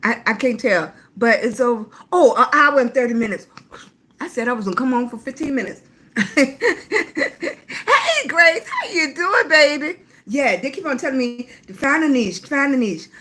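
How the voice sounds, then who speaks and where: A middle-aged woman hosting a casual livestream, chatting freely with viewers and calling them baby, with an occasional cough. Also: high-pitched. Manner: talkative, warm-hearted, calls viewers baby. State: coughing at times. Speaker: livestream host.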